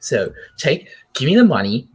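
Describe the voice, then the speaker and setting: A man's voice: mid-range voice, very animated, normal speed, husky, pitched below the performer's own voice. Rich: A man playing a greedy bounty hunter in a tabletop game, crude and hot-tempered. He puts on a wobbly, unconvincing accent. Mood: angry. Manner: put-on, shaky accent, crude.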